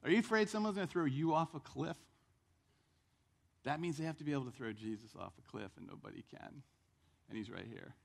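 A male pastor preaching a sermon in church, telling the story with lively acted-out voices. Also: mid-range voice, fairly quick, gravelly, long pauses.

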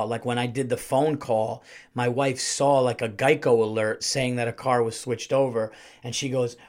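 A man who hosts a podcast, telling a funny personal story in a lively way, laughing often and acting out the people he quotes. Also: medium pitch. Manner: animated, laughs through the story, acts out quoted lines. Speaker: podcast host, comedian. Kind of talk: comedic storytelling.

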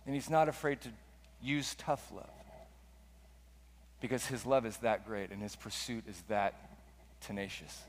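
A man's voice: steady tone, a little slow, long pauses, slight background noise. Man preaching in a reverberant sanctuary. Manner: impassioned preaching with dramatic pitch swings. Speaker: pastor. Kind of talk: sermon. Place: church sanctuary. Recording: long hall reverb.

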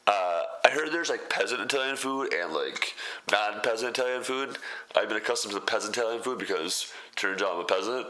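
A man's voice: on the low side, animated, brisk, pushed and bright. Laid-back, laughing young man vlogger. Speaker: food vlogger. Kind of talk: casual food vlog narration.

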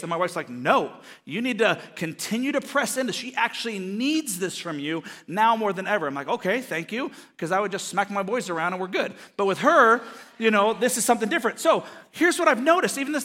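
Man, pastor, sermon, high pitch, bright, storytelling, long church reverb. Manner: storytelling, jokey, acts out quoted voices.

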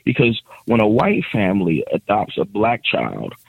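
A man chatting casually as a guest, telling stories with lively acted-out quotes of other people. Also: fairly low pitch, normal speed, creaky, husky, no room sound, narrow, tinny audio. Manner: animated storyteller acting out other people's lines. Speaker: guest, adoptive father. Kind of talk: casual podcast chat.

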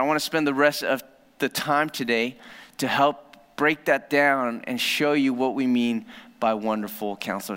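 A male pastor preaching a sermon, often dropping to a low, soft voice to stress a point. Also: clear, resonant tone. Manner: dramatic drops to a low soft voice for emphasis. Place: church hall. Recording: reverberant church hall.

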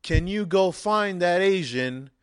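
A man voicing a frantic dog owner who loudly demands that the police act. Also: sits high, animated, slow, smooth, pitched above the performer's own voice. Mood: outraged. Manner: loud, pleading, outraged. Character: upset, frantic grown man whose dog was killed.

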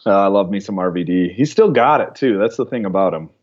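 A man as a podcast guest, talking casually in a relaxed way and laughing often. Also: on the low side, fast talker. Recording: dull lo-fi mic.

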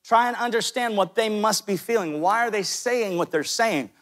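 A man with a Southern US accent preaching a sermon, talking directly to his listeners with quick asides. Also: high voice, a bit bright. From American South. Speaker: pastor.

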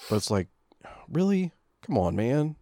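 Low gravelly man, hesitant commentary. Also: normal speed, a little mellow. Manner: hesitant, many fillers. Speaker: podcast co-host. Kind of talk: casual movie commentary.

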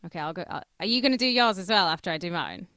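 A woman's voice: fairly low pitch, animated, pushed and bright, smooth, no echo. Cumbrian woman, podcast co-host, teasing and giggly, dry close-mic sound. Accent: Cumbrian English. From Carlisle, England. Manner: giggly, teasing, quick to laugh. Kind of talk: casual comedic chat.

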